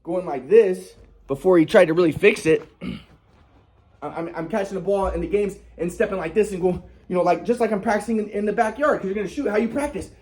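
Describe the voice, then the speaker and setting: Husky fast-talking aggrieved man. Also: sits high, darkish tone. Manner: rambling, aggrieved, many restarts and repetitions. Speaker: vlogger. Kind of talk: personal storytelling monologue.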